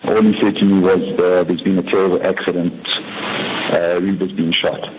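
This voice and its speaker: A man giving an interview account as a friend, hesitant and full of pauses. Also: low voice, flat delivery. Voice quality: hesitant, many uh fillers. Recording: noisy recorded interview audio.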